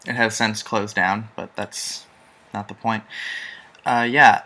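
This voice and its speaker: A man's voice: mid-range voice, bright, forceful tone. A young man telling a personal story to camera in a chatty, rambling way, correcting himself as he goes. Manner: chatty, rambling, self-correcting, with frequent ums. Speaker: vlogger. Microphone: handheld camera, shaky.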